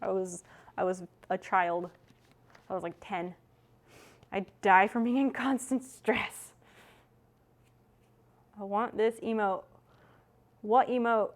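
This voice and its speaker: A woman's voice: medium pitch, fairly even intonation, slow pace, pauses often. A young adult woman streamer chatting casually with her viewers as she works, swearing freely. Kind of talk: casual chat with chat while working.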